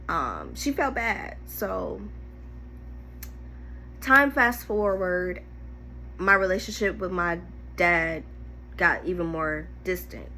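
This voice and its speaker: A woman with a bright, forceful voice shares a painful personal story to camera. She talks candidly and animatedly, fighting back tears at moments. Her delivery is vivid and heartfelt. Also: lowish voice, a little hiss or hum. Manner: emotional, candid, animated retelling. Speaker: storyteller vlogger.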